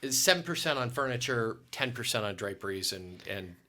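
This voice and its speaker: A man guest telling an expressive, self-deprecating story in an interview, with frequent restarts. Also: medium pitch, moderate pace. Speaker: guest consultant.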